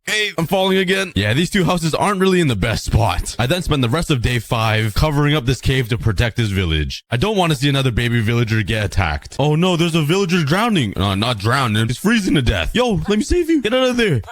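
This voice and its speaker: A young man giving excitable running commentary while playing a video game, often jumping to high yelps. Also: fairly quick, few pauses. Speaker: gaming video host.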